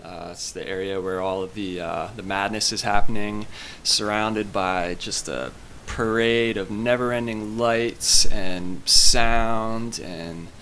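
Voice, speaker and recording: A man co-hosting a podcast in casual chat, recounting things in a relaxed, thoughtful way. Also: on the low side, slight background noise. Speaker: podcast co-host.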